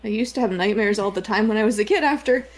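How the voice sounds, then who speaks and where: A woman's voice: medium pitch, fast talker, soft background music. A woman playing her character in a tabletop game, hesitant and trailing off, with small laughs. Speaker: player. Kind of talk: in-character tabletop role-play.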